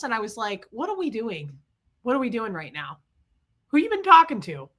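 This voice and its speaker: Middle-aged lady with a chest cold, bright forceful voice, ranting to her chat, a bit high. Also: moderate pace. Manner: ranting, animated storytelling, reading out viewer names. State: sick with chest congestion. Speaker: livestream host. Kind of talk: casual chat to viewers.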